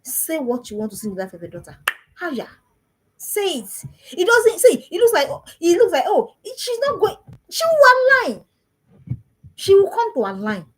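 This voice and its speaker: A woman's voice: very high voice, wildly swooping pitch, moderate pace, low-quality recording. A woman, a parenting coach giving an emphatic talk to parents and repeating phrases for stress.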